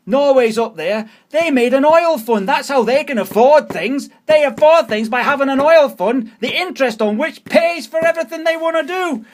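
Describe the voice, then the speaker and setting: High-pitched Scottish man, angry rant, swears a lot, repeats himself. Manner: ranting, swearing, repeating phrases. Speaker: vlogger.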